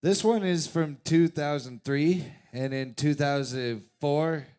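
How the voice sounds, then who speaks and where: A man's voice: a little high, slow, darkish tone, clean tone. A man who plays guitar in a band, bantering in a laid-back, joking way in a studio. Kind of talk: casual live studio chat. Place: music studio with a small audience.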